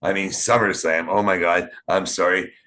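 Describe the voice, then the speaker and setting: A man from Canada hosting a podcast, talking in a casual, rambling way with many fillers and halting restarts. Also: on the low side, fairly even intonation, sharp tone. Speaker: podcast host. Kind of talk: casual interview chat. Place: small town.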